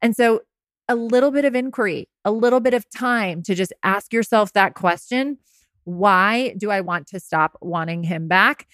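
A woman's voice: mid-range voice, moderate pace, fairly bright tone, dry recording, studio quality. A woman podcast host coaching listeners through heartbreak in a casual, candid monologue, swearing now and then and laughing at herself.

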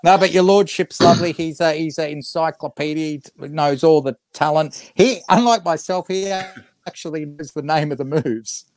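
Chatty man, slightly high voice. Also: moderate pace, a little mellow. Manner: rambling, laughing, self-deprecating. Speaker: podcast guest, wrestling announcer. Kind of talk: casual podcast chat.

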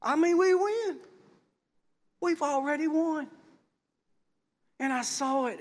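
A middle-aged man preaching a sermon in a folksy style, swinging from quiet asides to loud shouts. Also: very high-pitched, slow, pauses often.

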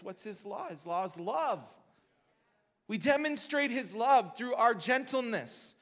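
Male pastor, high voice, preaching in a church hall with a long echo; quiet teaching that builds to fervent exhortation. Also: expressive, unhurried. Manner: swings from quiet intimate teaching to loud passionate exhortation. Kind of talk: sermon. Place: church sanctuary.

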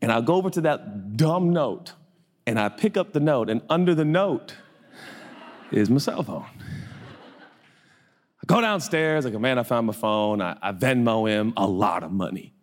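A man's voice: mid-range voice, lively intonation, unhurried, long pauses. A man in his forties, a pastor, telling a funny, self-mocking story in a sermon and acting out the voices of the people in it. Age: 40s. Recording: long hall reverb.

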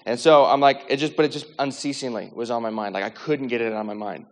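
A man telling a personal faith testimony in a lively, animated way, acting out the dialogue and using lots of filler words. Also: mid-range voice, quick pace, hardly any pauses. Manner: lively, acts out quoted dialogue, many "like" fillers. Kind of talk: animated storytelling. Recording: long hall reverb.

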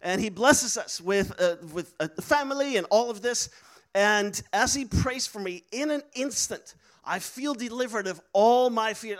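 Animated preacher, high voice. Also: male voice, smooth. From Netherlands. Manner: animated, laughing, acts out quoted voices. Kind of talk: storytelling sermon.

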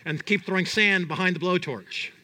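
A man preaching a conversational, animated sermon and often putting questions to his audience. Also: sits high, normal speed. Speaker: pastor.

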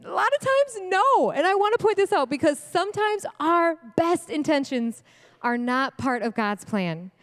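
A woman delivering a sermon at a women's event, animated and slangy, laughing often. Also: very high-pitched, normal speed. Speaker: speaker at a women's ministry event. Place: church event hall. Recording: long hall reverb.

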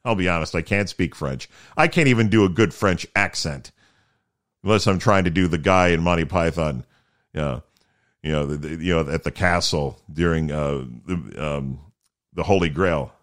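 A man from Canada hosting a casual solo podcast, chatty and rambling with self-deprecating asides, his voice a little deeper from early morning. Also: normal speed, fairly bright tone. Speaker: podcast host.

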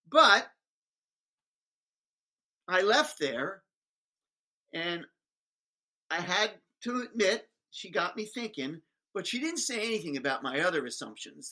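A man recounting an anecdote with lively, self-mocking energy, acting out each exchange. His pitch swings widely and his tone stays bright and forceful throughout. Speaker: guest speaker. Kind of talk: animated storytelling.

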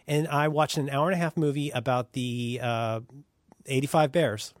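A man's voice: mid-range voice, steady tone, normal speed, no room sound, clean studio sound. A man co-hosting a podcast, telling rambling, wry stories in casual chat and swearing freely. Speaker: podcast co-host.

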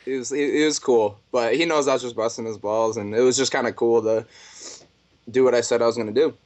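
A man in an interview, telling stories in a laid-back, animated way over a video call. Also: medium pitch, brisk. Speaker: fighter guest. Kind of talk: casual storytelling interview.

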